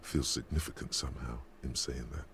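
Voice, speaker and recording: Grave, very deep inner narrator. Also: male voice, steady tone, a little fast, a bit bright, a little hiss or hum. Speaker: game narrator voice. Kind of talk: game narration.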